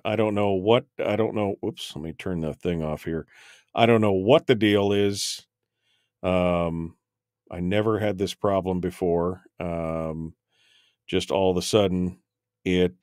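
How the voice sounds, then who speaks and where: A man's voice: low voice, a little mellow, clean tone, no room sound. A male talk radio host speaking live on air, rambling and flustered as he fixes failing studio gear, with many restarts.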